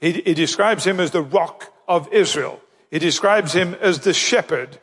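A man preaching a sermon, slowing down and stressing key phrases as he builds his points. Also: fairly high pitch, fairly bright tone, breathy edge, in a large hall.

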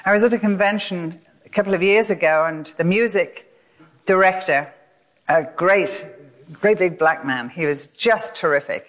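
Older lady preaching a sermon, lowish voice, acts out the story. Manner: expressive storyteller, acts out voices in her stories. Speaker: Bible teacher.

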